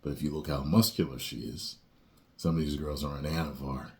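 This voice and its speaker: Very deep voiced guy reacting to a video, rambly, lots of uh and you know. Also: steady tone, fairly quick. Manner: rambling, with many fillers and sudden loud rants. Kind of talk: casual reaction commentary.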